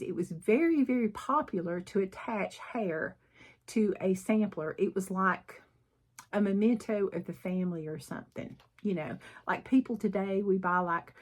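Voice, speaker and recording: A middle-aged Southern woman with a husky, slightly breathy voice, talking through her needlework in a loose, rambling way. She keeps pausing to clear her throat. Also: medium pitch. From southern United States. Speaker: cross stitch vlogger. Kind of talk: casual chat showing needlework projects.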